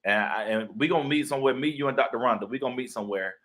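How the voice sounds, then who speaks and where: A man's voice: mid-range voice, rapid-fire, fairly bright tone. A young adult man in a casual interview, telling playful stories and acting out the voices of the people in them. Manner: playful storyteller, acts out quoted voices. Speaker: guest author and actor.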